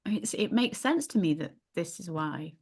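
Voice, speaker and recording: A middle-aged woman leads a small yoga group in a relaxed, musing way, starting and restarting her thoughts. Her voice sits a little low. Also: fairly quick, gravelly, breathy edge. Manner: musing, thinks aloud with restarts. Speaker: yoga teacher. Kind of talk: casual teaching in a small group.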